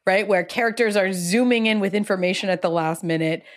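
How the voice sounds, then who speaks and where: A woman's voice: mid-range voice, brisk. A woman co-hosting a podcast, talking enthusiastically in casual chat about a TV episode. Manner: enthusiastic, animated storytelling. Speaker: podcast co-host.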